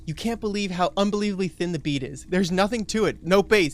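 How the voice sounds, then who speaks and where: A woman streamer who plays a game and reads its dialogue aloud in a playful, animated way. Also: on the low side, fairly quick, hardly any pauses. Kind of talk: reading game dialogue aloud while playing.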